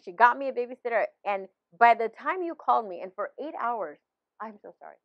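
A woman's voice: on the high side, animated, a little fast, no room sound, muffled recording. A woman in her fifties, a pastor, sharing a personal faith story in conversation with many restarts and laughs.

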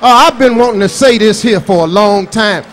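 Brash high-voiced stand-up comedian man. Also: moderate pace, fairly bright tone, a little hiss or hum. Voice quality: brash, profane, boastful. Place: live comedy show on stage.

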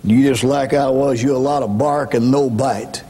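With a warm, mid-range voice and a breathy edge, a man preaches his testimony at normal speed with fairly even intonation, followed by a long reverb tail. As an evangelist, he tells his story dramatically, acts out voices, and emphatically speaks straight to the congregation.

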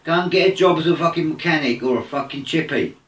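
A man's voice: fairly high pitch, fast talker, fairly bright tone, echoey room, far from the mic. A man ranting angrily about his football team, swearing constantly. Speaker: football fan. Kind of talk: angry rant to camera.

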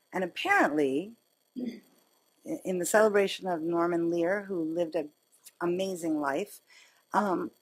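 A woman surgeon gives a grand rounds lecture, slipping into lively personal stories as she talks. Her voice sits on the lower side and has a husky edge. She keeps it conversational throughout. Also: rough recording. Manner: conversational, animated storytelling with laughs. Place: lecture hall.

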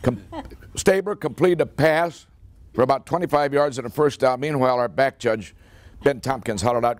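An older man from the United States speaks a little fast in a mid-range voice, with no echo in the recording. In his funny after-dinner speech at a club meeting hall, he recounts a football tale in a punchy, folksy way and performs the dialogue.

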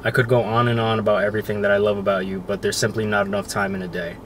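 A young man reading a heartfelt love letter aloud on a couple's vlog, soft and emotional, close to choking up. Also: on the low side, level tone, rapid-fire. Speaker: couple vlogger. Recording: faint background noise.

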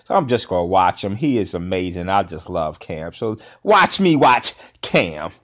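A man hosting a reaction video, talking along to football highlights with slangy, excited exclamations and frequent laughter. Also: normal speed. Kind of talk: excited sports reaction commentary.

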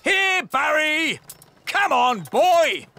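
A man's voice: very high voice, sing-song, very slow, gravelly, pushed and bright, exaggerated voice. A man voicing a pompous, fussy fairy king in a children's cartoon. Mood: excited. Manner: pompous, exclamatory.

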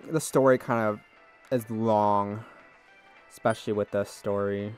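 A man's voice: on the low side, fairly even intonation, a little slow, darkish tone, clean tone, soft background music. A laid-back man giving rambling let's play commentary over a video game. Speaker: gaming streamer.

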